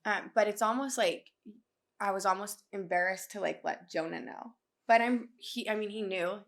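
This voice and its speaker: A woman's voice: mid-range voice, moderate pace. A young adult woman speaking candidly and with feeling as a guest in a casual podcast conversation, full of fillers. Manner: candid, emotional, many fillers.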